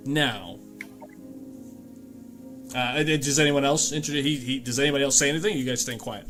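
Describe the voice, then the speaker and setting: A male game master narrating a tabletop game in a relaxed, chatty way, full of ums and restarts. His pitch is an ordinary middle for a man. Music plays clearly underneath. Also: fairly quick, pauses often. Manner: relaxed, chatty, frequent fillers.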